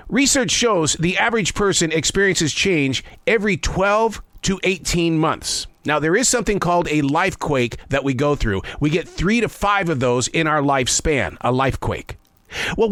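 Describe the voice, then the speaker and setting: A man's voice: a little high, fairly bright tone, no room sound, clean studio sound. A man in his sixties hosting a scripted spoken essay, folksy and conversational with playful asides. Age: 60s. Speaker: host. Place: living in the American South.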